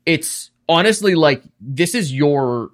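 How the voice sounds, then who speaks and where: A man running a tabletop game as its game master, with a voice that sits a little high. He narrates scenes at length in a lively, animated way. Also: slow.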